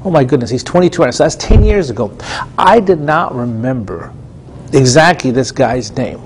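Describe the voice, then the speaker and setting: A man's voice: medium pitch, lively intonation, moderate pace, slight background noise. A middle-aged man hosting a Christian TV show, preaching in a conversational, earnest way with repeated phrases and frequent restarts. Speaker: TV ministry host and preacher. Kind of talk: conversational sermon teaching.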